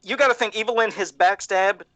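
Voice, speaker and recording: A man co-hosting a podcast in casual chat, animated and profane, laughing often. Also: high-pitched, brisk, no echo. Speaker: podcast co-host.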